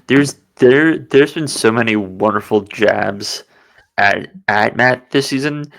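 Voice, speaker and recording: A man's voice: mid-range voice, slow pace, vocal fry, fairly bright tone. A man co-hosting a podcast in casual chat, often repeating words as he starts a thought. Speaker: podcast co-host.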